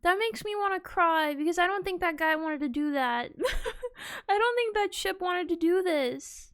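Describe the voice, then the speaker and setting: A woman reacting to a video as a streamer, excitable, exclaiming and laughing often. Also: very high-pitched, unhurried, dry recording, clean studio sound. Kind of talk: casual reaction commentary.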